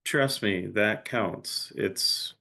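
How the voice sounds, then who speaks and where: Low gravelly guy, talks real slow, hesitant, playing a tabletop game. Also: pushed and bright. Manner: hesitant, halting. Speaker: player. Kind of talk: tabletop role-play.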